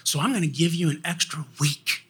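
A kind schoolteacher speaks softly and encouragingly, voiced by a man telling his story. The tone is bright with a slightly husky edge, warm in intent and coaxing rather than stern. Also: on the high side, fairly quick, pitched above the performer's own voice. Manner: gentle, coaxing.

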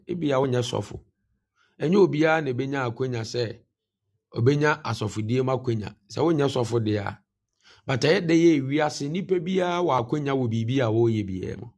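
A male pastor with a Ghanaian accent, preaching a morning devotion. His voice is mid-pitched with a gravelly edge. He switches between Twi and English and drives his points home by repeating them. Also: a little mellow. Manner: mixes Twi and English, repeats key phrases for emphasis.

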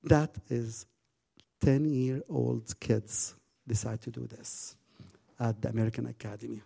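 A man preaching a sermon and telling a story with passion, swinging from hushed tones to loud bursts, his English phrasing slightly broken. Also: mid-range voice, a little slow, vocal fry, breathy edge.

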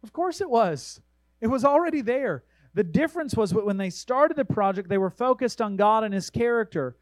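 A man preaching a sermon in a fairly high voice, his delivery earnest and emphatic as he urges the listener on. He slows into a measured cadence when reading scripture. The sound is dry and close, with almost no room around it. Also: lively intonation, no room sound, poor audio. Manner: reads scripture aloud in a measured way. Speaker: pastor.

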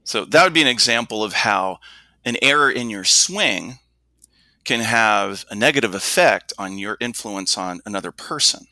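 A middle-aged man who works as a communication coach, explaining things in a measured, instructive way and demonstrating his points with his own voice. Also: on the low side, lively intonation, pushed and bright, no room sound. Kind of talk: explanatory interview talk.

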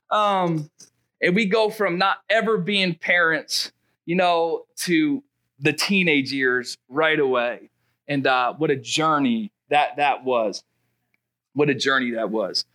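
A young man preaching a sermon, telling a personal story and calling out to his congregation. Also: sits high. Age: young adult. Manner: animated, exclaiming, calls out to congregation. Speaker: pastor.

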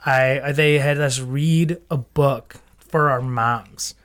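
A man's voice: mid-range voice, fairly even intonation, slow pace, fairly bright tone. A man co-hosting a podcast, telling rambling stories full of fillers. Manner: rambling storytelling with many fillers. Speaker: podcast co-host. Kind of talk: casual chat.

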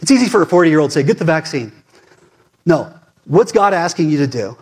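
A male pastor in his forties preaching a sermon in a fired-up, conversational way, swinging between loud emphasis and hushed asides. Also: on the high side, very animated, quick pace, breathy edge.

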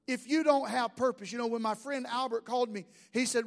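A man's voice: extremely high pitch, fairly quick, vocal fry, few pauses, a bit bright. A man, a pastor, preaching a sermon with jokes and asides to the congregation.

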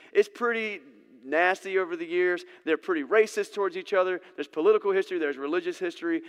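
Conversational preacher in a reverberant hall. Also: male voice, on the high side, fairly bright tone, clear, resonant tone. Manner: conversational, storytelling, uses asides. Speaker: pastor. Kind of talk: sermon.

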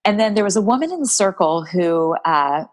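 A woman's voice: on the low side, expressive, fairly quick. A woman guest in an interview, telling a personal story in a rambling, emotional way with many restarts. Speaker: guest, game creator.

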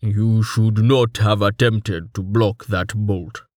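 A man doing a slow, stoic armored warrior. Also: fairly low pitch, steady tone, a little mellow, no room sound, studio quality. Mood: calm. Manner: slow, measured and formal, no contractions. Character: stoic, dryly humorous armored male warrior.

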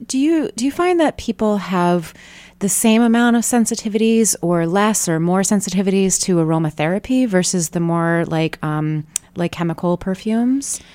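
A woman's voice: mid-range voice, lively intonation, normal speed, a little mellow, no echo. A woman hosting an interview, asking long meandering questions with hesitant fillers. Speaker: podcast host.

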